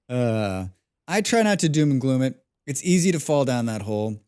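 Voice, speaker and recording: In a clean, mid-range voice that is very animated yet a little slow, a man chats casually on a live gaming stream. He rambles, thinks aloud with many restarts and swears once in a while. He is an expatriate, living away from his birth country.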